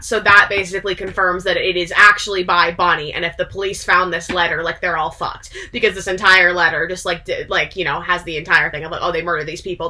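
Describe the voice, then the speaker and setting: A woman in casual conversation, retelling a long story to a friend. Her voice is bright and crisp, sitting at an ordinary pitch. She rambles, fills her sentences with "like," and now and then bursts into laughter. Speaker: vlogger.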